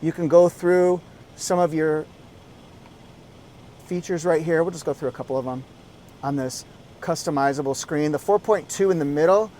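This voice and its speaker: A man's voice: a little high, normal speed, long pauses, dark tone, a little hiss or hum. A man reviewing a car from inside it in a casual, upbeat walkthrough with joking asides.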